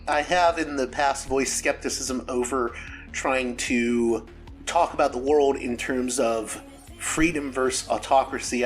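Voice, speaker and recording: A man hosting a podcast interview, introducing his guest in a conversational way with frequent fillers. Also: mid-range voice. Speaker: podcast host.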